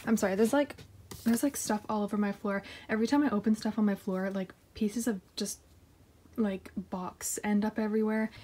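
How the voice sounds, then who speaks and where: Sitting on her floor at home, a young K-pop collector vlogger unboxes her haul and gushes excitably in casual chat, now and then dropping to a whisper. Her voice is medium-pitched, with slight background noise.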